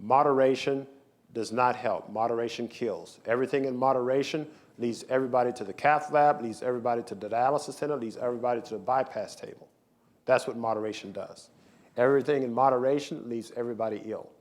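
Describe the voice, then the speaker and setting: A man's voice: mid-range voice, fast. Emphatic male doctor lecturing. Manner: emphatic, repetitive, rhetorical lecturing. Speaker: physician giving a lecture. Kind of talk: health symposium lecture. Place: lecture hall with slides.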